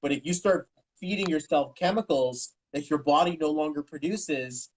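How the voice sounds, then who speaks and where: Man, 30s, interview guest, fairly high voice, frank, rambling, candid storytelling. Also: rough recording. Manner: rambling and frank, acting out quoted dialogue.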